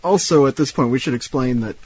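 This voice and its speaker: A man from Tampa co-hosts a casual movie podcast, tossing in dry, wry asides and bits of local trivia. He speaks at a middling pitch with a faint hiss in the background. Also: quick pace, a little mellow, rough recording. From Tampa, Florida. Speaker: podcast co-host. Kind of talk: casual movie-discussion chat.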